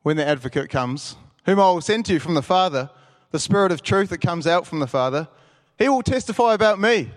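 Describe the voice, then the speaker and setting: A man reads scripture aloud in a measured, solemn way, his voice sitting a little high for a man. The room carries a long reverb, like a church hall. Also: expressive. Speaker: scripture reader.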